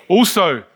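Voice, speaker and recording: A man delivers a sermon in a somewhat high voice. He reads scripture aloud and then talks it through plainly, with casual asides to his listeners. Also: a bit bright, breathy edge. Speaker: preacher.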